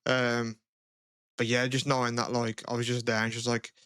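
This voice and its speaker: Dude rambling on a podcast, smooth clear voice, dry close mic, says like a lot. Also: male voice, medium pitch, completely flat delivery, moderate pace, fairly bright tone, no echo. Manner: rambling, full of "like" and swearing. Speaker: podcast co-host. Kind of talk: casual chat.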